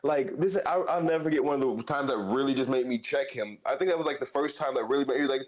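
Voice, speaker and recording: A man's voice: medium pitch, fast, hardly any pauses, poor audio. A male streamer in casual gaming chat, joking and swearing, laughing often.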